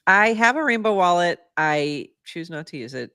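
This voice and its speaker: A woman with a low-pitched voice chats casually as a podcast co-host. She talks in a playful, easygoing way and laughs readily. The sound is dry and close, with no room echo. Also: animated, bright, forceful tone, clear, resonant tone. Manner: chatty, playful, quick to laugh. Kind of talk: casual chat.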